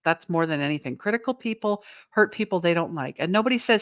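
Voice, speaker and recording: A woman's voice: on the low side, expressive, quick pace, fairly bright tone, no echo. A woman host giving a motivational talk to her viewers, earnest and emphatic, often asking "right?". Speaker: self-help channel host.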